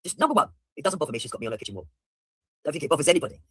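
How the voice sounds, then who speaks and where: A man's voice: a little high, very animated, racing, a bit bright, breathy edge, no echo, clean studio sound. A man giving blunt, mocking, profane commentary while reacting to a video.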